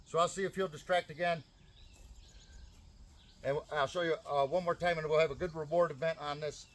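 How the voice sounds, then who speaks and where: A male dog trainer explaining recall training outdoors in a calm, practical way. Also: a little fast. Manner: calm explaining, bursts of high excited praise to a dog.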